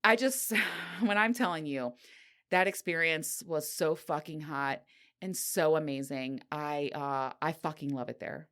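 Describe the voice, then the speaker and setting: A middle-aged woman with a low voice hosts her own podcast alone. She talks frankly and breathlessly, laughing and sighing as she goes. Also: unhurried, a bit bright. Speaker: podcast host. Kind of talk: candid solo podcast monologue.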